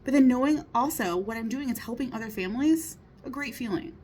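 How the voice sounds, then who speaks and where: A woman's voice: a little high, lively intonation, brisk, a little mellow. A woman in her thirties giving a casual motivational talk, earnest and encouraging, often checking in with her listeners. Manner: earnest, encouraging, many rhetorical "right?" asides. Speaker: motivational speaker.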